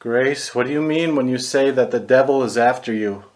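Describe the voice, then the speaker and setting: A man's voice: mid-range voice, moderate pace, darkish tone, slight background noise. A man investigating a haunted house, calling out to spirits and reacting with startled swearing. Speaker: paranormal investigator. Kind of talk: ghost-hunting video.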